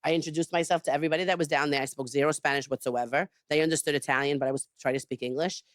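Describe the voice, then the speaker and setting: A woman's voice: low voice, racing, no echo, studio quality. A woman chef being interviewed, telling her story emphatically with lots of "like" and "you know.". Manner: animated, emphatic retelling with frequent "like". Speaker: chef, podcast guest.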